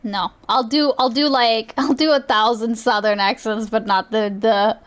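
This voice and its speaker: A woman's voice: fairly high pitch, steady tone, normal speed. A woman streamer giving casual reaction commentary, chatty and often laughing.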